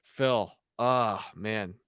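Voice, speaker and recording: A man's voice: on the low side, extremely slow, fairly bright tone, clear, resonant tone, dry recording. A young man hosting a casual podcast, rambling and laughing a lot as he talks. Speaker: podcast host. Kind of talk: casual chat.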